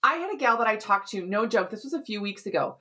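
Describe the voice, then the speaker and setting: A woman podcast host in a casual, explanatory flow, talking at a middling pitch. She keeps checking in with the listener and stays loose and conversational as she walks through how things work. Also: lively intonation, fast talker, bright, forceful tone. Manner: chatty and explanatory, often adds "right?" and "like". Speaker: podcast host, women's hormone health expert.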